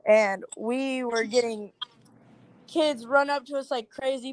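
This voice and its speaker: A young-sounding woman with a fairly high voice talks loosely and chattily as a podcast guest, leaning on "like" between thoughts. The recording is dry and close, with no room sound around her. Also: slow, no room sound. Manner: chatty, heavy use of "like". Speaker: social media creator guest. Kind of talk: casual podcast chat.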